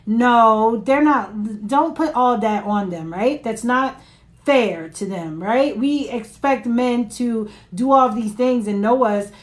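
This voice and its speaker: A woman's voice: a little high, slow. Chatty woman reading tarot live. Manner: chatty, loose, tag questions and asides to viewers. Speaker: tarot reader. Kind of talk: live-streamed tarot reading, casual chat. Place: at home. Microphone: phone.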